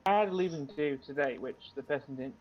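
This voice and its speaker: Relaxed man on a game voice call, somewhat high voice, dull lo-fi line with faint hiss. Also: a little fast. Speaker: friend on voice chat. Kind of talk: casual voice chat. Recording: dull lo-fi voice chat with faint noise.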